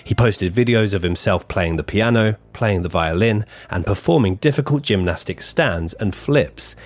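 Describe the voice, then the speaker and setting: A man's voice: on the low side, animated, normal speed. A man co-hosting a true-crime podcast, reading his script with offhand asides and banter. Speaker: podcast co-host.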